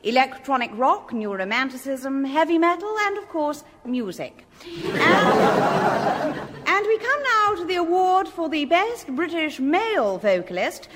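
A woman hosting a mock awards show in a radio comedy sketch, announcing in a brisk, mock-formal way. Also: sits high, sing-song, background noise.

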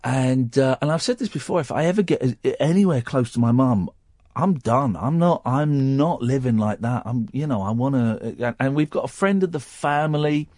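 A man hosting a radio show, telling a personal story while close to tears, halting and restarting often. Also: mid-range voice, animated, a little mellow, dry recording. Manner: halting and tearful, with many restarts. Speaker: radio host.

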